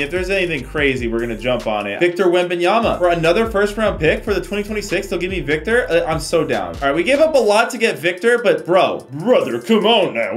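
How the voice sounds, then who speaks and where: Animated young man commenting on a game. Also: high voice. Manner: animated, chatty, talks to viewers as "boys" and "bro". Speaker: gaming YouTuber.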